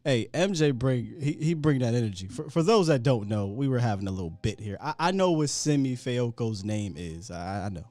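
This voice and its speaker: A man hosting a live sports talk show, animated and his voice jumping up when he gets riled. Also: mid-range voice, a little fast, few pauses, no echo. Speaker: host.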